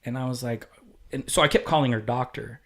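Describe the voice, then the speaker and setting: A man's voice: mid-range voice, brisk. A man with an ordinary mid-range voice tells a story in loose conversation. He swears freely and slips into the voices of the people he quotes. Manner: candid and profane, acting out quoted dialogue. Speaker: podcast guest. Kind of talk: casual storytelling chat.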